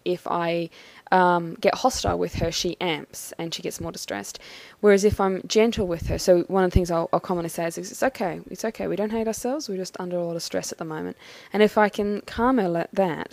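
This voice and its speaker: A woman talking through a personal experience in a thoughtful, halting, measured way. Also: fairly low pitch, gravelly, darkish tone. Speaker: vlogger. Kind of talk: personal reflective monologue.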